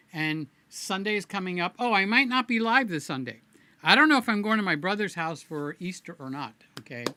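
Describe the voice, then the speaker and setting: A man's voice: on the high side, pushed and bright, clear, resonant tone. A man hosting his own live stream, chatting casually and playfully with viewers by name in a rambling way. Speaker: livestream host.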